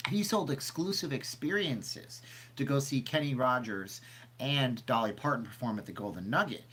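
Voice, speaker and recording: A man's voice: mid-range voice, a bit bright, husky. A man hosting a casual livestream, rambling and chatty as he reads questions from the chat aloud, sniffly from seasonal allergies. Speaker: channel host answering live chat.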